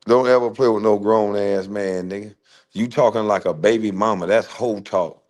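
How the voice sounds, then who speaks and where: A man, ranting in a loud, taunting roast, firing repeated questions and laughing often. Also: on the low side, fairly even intonation, moderate pace. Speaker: host. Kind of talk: roast rant.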